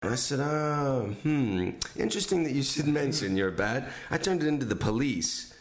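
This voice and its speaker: Animated man telling a funny story. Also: normal speed. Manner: animated storytelling, acts out quotes with pitch jumps. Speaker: storyteller on a podcast. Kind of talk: casual anecdote.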